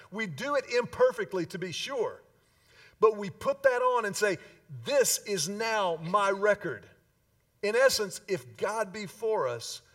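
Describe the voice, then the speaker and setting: A man preaching a sermon as pastor, emphatic, with dramatic pauses and slowed key phrases. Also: sits high, fairly bright tone, recorded from a distance.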